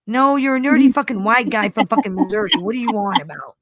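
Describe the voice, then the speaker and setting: A woman's voice: mid-range voice, fairly quick, few pauses. A woman co-hosting a casual chat, swearing freely and telling stories with lots of energy. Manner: profane, animated storytelling. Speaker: co-host.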